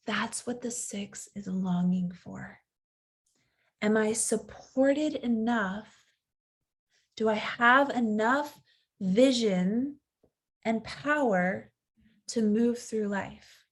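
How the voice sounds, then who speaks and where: A woman's voice: a little high, very slow, pauses often, husky. A woman in her thirties, a coach giving an earnest, reflective teaching talk and sometimes acting out the inner voice of fear.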